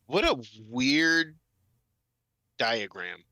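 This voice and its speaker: Male co-host, deadpan crude quips, bright edge to the voice, dry studio sound. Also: mid-range voice, extremely slow, dry recording. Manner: deadpan crude one-liners. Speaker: podcast co-host. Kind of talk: casual comedic podcast chat.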